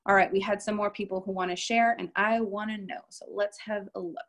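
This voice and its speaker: A middle-aged woman leading a group coaching call, lively and acting out the voices she quotes. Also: medium pitch, brisk. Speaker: business coach.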